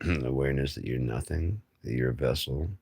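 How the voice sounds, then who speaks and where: A man's voice: extremely low pitch, moderate pace, vocal fry, darkish tone, breathy edge, no echo. A man hosting a livestream, rambling through a blunt, profane philosophical monologue full of rhetorical questions and mocking asides. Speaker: livestream host.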